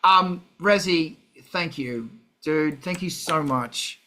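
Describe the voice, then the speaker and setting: An Australian man hosting a live stream, chatting casually and wandering from topic to topic. His voice is bright and forward, and he swears freely. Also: on the high side, slow. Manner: rambling, profane, sidetracked. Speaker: livestream host.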